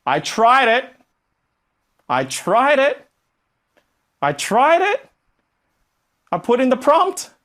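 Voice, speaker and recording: A man playing a panicky beginner coach who whines and wails in a high voice during a live workshop. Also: sing-song, unhurried, fairly bright tone, full character voice. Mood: defensive whining. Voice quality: high, whiny, wailing. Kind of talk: acted example in a live workshop.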